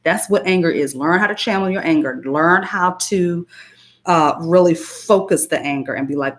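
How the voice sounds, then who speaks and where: A woman with a low, deep voice talks straight to her live-stream viewers as a spiritual coach. She is emphatic and repeats phrases for weight. Now and then she breaks off to greet a viewer by name. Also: moderate pace.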